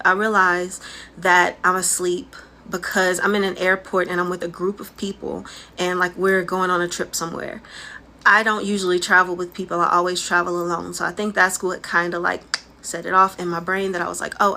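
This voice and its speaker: A woman in a relaxed, chatty way telling a personal story to camera, with fillers like "like" and "um". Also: on the low side.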